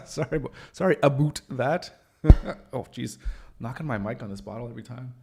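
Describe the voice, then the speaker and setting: A Canadian man with a gravelly, creaky edge and a middle-of-the-road pitch talks through his design work in a loose, rambling way. He fills gaps with ums and likes, and keeps it casual like a host chatting with a co-host. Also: animated, normal speed, mellow. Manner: rambling and loose, many fillers, laughs at himself. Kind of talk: casual chat while working on screen.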